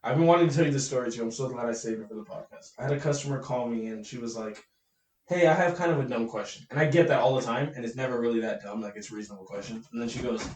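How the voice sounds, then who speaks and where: A man's voice: mid-range voice, very fast, few pauses, darkish tone, distant mic. A young man on a podcast, casually telling work stories with lots of swearing. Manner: swears freely, tells work stories in quoted voices. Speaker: podcast co-host. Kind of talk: casual chat. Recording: echoey room, off-mic, faint noise.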